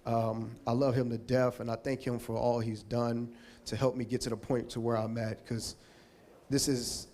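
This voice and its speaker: A man's voice: medium pitch, little pitch movement, moderate pace, mellow. A man giving a heartfelt, rambling Hall of Fame acceptance speech, thanking people one by one.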